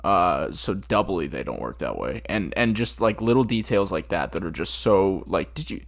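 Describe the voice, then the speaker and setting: A man's voice: low-pitched, expressive, moderate pace, vocal fry. A jet-lagged man co-hosting a casual podcast, rambling and amused as he retells scenes from a bad movie with lots of restarts. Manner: rambling, amused, full of restarts and quoted lines. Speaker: podcast co-host.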